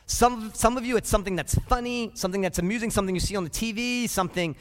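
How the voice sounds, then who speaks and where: A man preaching a sermon as a pastor, lively and often asking the congregation questions. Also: high voice, quick pace, big-room sound.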